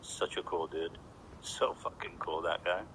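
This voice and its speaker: A man's voice: deep voice, steady tone, measured pace, background noise. A man hosting a casual commentary chat, rambling and blunt with plenty of swearing. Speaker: streamer and podcast host.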